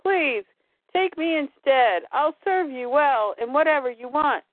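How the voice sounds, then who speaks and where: A woman's voice: high-pitched, expressive, a little slow, dry recording, voice pushed up. A woman voicing a grieving alien father in a solemn read-aloud manner. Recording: phone-like dry line.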